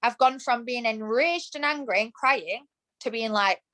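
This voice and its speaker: Woman, 30s, slightly high voice, emphatic, passionate, podcast guest chatting. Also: normal speed, a bit bright, low-quality recording. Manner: emphatic and passionate, acts out quoted thoughts. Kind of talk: casual interview chat.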